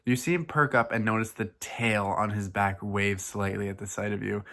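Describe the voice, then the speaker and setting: Guy reading goofy fanfic out loud, deadpan, kinda low voice. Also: moderate pace. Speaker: vlogger. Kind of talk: reading a fan fiction aloud.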